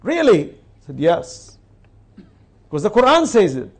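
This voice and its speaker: A man giving a religious lecture, telling stories with lively acted-out dialogue and reciting scripture in Arabic. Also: high voice, unhurried, husky. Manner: animated storytelling, acts out quoted exchanges. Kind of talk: sermon.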